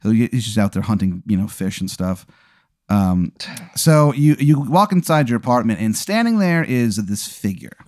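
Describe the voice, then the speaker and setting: A man's voice: lowish voice, very animated, normal speed, darkish tone, no echo, clean studio sound. A man hosting a podcast, telling an improvised comic story with lots of fillers. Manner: rambling, filler-heavy, laughing narration. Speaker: podcast host.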